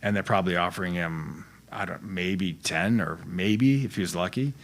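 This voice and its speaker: A middle-aged man with a fairly low voice chats loosely on a podcast. His talk is slangy and laid-back, rambling through stories with many restarts. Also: normal speed. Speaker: podcast guest, actor. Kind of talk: casual storytelling chat.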